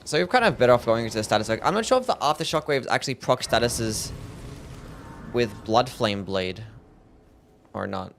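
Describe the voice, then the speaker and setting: A man's voice: mid-range voice, fairly quick, long pauses, a little hiss or hum. A young Australian man streaming a game, chatting casually with viewers and often trailing off unsure. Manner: relaxed, mumbly, answers chat questions, trails off with "I don't know". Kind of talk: casual gaming stream chat.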